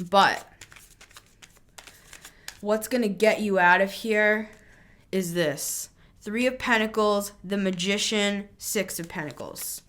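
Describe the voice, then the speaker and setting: A woman's voice: on the low side, fairly bright tone, a little hiss or hum. A woman giving a casual spoken tarot reading in an earnest, reassuring way, musing aloud with many fillers and restarts. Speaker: tarot reader.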